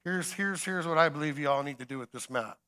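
A middle-aged man preaching a sermon, swinging between emphatic calls and quiet storytelling. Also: fairly high pitch, quick pace. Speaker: guest preacher.

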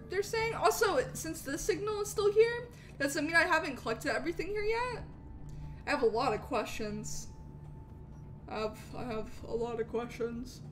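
A woman streaming a game live, excitable and chatting with viewers, with hiccups. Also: sits high. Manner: excitable, talks to chat, frequent outbursts. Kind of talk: live gameplay commentary.

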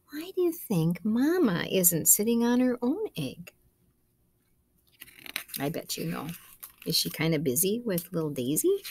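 A kindergarten teacher reads a picture book aloud to children, gently coaxing them, asking questions, and dropping to soft whispers. Her voice is medium-pitched, with no room sound.

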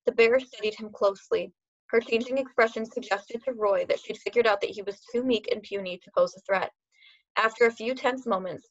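Woman reading a novel aloud, lo-fi. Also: medium pitch. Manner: steady, expressive. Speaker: reader. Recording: dull lo-fi recording.

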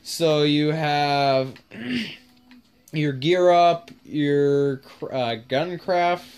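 A woman's voice: deep voice, extremely slow, a little mellow, clear, resonant tone. A woman giving casual, sweary commentary while playing a zombie game. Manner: casual, swears often, drawls. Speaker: gamer. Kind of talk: gaming commentary.

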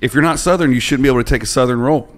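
A man's voice: medium pitch, very fast. A man from the American South, a podcast guest joking in casual chat.

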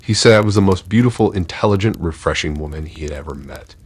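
A man giving a measured, steady first-person narration of a horror story. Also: low-pitched, slightly rough, dry recording.

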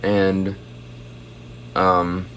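A man's voice: low voice, completely flat delivery, very slow, fairly bright tone, a little hiss or hum. A young man chatting casually on a phone livestream at home, reading out viewer comments and thanking them for gifts.

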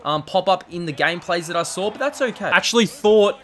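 A man giving excitable live play-by-play commentary on a football video game, swinging between shouted calls and low muttered asides. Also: fast talker. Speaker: gaming channel host.

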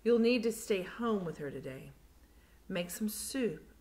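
A woman's voice: mid-range voice, lively intonation, unhurried, a little mellow, natural voice. A woman reading as a weary, tired doctor. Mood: instructive.

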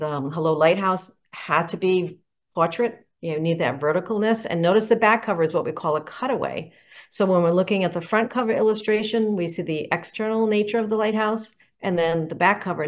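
Lady teacher walking through book covers, upbeat, a bit low voiced. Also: brisk. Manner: enthusiastic, explanatory, poses questions. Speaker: educator presenting picture books. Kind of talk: instructional talk to teachers.

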